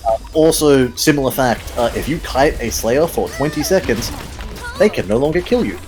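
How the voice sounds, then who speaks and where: A man's voice: medium pitch, lively intonation, normal speed, music in the background, rough recording. Self-deprecating man talking over a game. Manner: self-deprecating, swears freely. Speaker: gaming companion. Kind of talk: casual chat while gaming.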